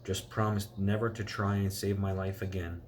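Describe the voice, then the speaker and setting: A man's voice: deep voice, flat delivery, normal speed, a little hiss or hum, natural voice. A man reading the lines of a modest, dry young schoolboy wizard from a storybook. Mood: plain.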